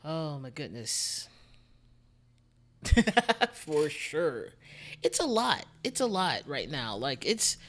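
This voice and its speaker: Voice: medium pitch, very animated, drawn-out words, pauses often, a bit bright. A music streamer with a Texan accent, chatting casually and rambling to viewers from a home studio at a desk microphone. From Texas. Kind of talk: casual livestream chat.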